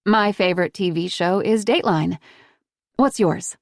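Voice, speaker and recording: A woman voicing a chatty woman gently coaxing a silent child, in an upbeat, questioning tone. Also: lowish voice, moderate pace, creaky, no room sound, studio quality.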